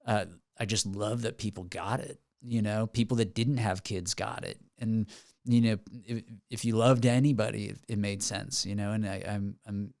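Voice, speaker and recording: A man's voice: lowish voice, fairly even intonation, normal speed, gravelly, a little mellow, no echo, studio quality. A man in his forties, a musician guest on a podcast, telling stories in an earnest, rambling way with many restarts. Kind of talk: casual podcast interview. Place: podcast studio.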